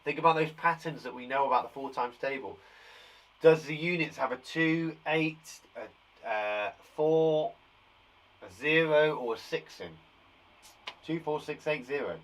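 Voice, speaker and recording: A man's voice: on the high side, a little slow, fairly bright tone. A middle-aged man teaching times tables to young children in a playful, jokey, encouraging way. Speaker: primary school teacher. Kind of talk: live online lesson for young children. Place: garden shed. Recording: voice a bit far from the mic.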